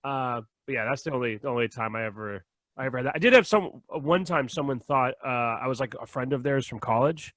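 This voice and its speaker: Man hosting a podcast, rapid-fire storyteller, dry close sound. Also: mid-range voice, lively intonation, fairly bright tone, dry recording. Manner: rambling, laughs often, acts out quotes. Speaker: podcast host. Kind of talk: casual chat, storytelling.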